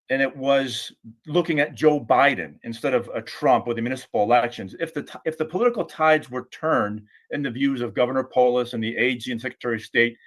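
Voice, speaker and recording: A man speaking earnestly and emphatically on a group call, with frequent restarts. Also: medium pitch. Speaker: guest speaker; podcast co-host. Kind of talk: impassioned call remarks.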